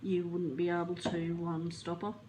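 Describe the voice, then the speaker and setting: A woman with an Australian accent, telling stories in a casual, rambling chat. She is chatty, laughs easily and swears in passing, and she sounds a little flat today. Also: lowish voice, moderate pace, slight background noise, rough recording. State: feeling flat. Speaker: vlogger.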